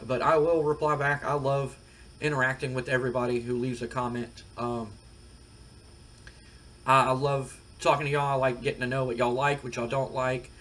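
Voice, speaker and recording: A gaming video creator with a mid-range male voice speaks at normal speed. He casually narrates a wrestling management game for his channel, meandering along in a relaxed style full of fillers.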